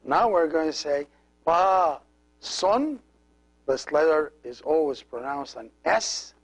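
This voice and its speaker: A man in middle age gives a language lesson at a measured, unhurried pace. His voice sits a little high for a man. He pronounces each word with care and repeats it so learners can follow. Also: lively intonation, slightly rough, rough recording. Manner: slow, careful, repeats each word for practice. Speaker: priest teaching a language.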